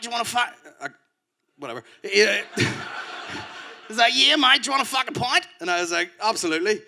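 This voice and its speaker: A Northern Irish man doing stand-up, his voice high and bright as he rattles through crude stories. There is a faint hum of ambient noise behind him. He swears freely and keeps the jokes coming. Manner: crude, rapid storytelling. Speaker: stand-up comedian. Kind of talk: stand-up set.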